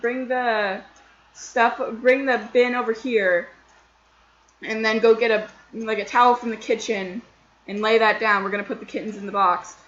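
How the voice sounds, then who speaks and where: A young woman quoting her calm, practical mother, who gives steady instructions. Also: a little high, moderate pace, lo-fi sound, close to an everyday voice. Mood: calm, instructing.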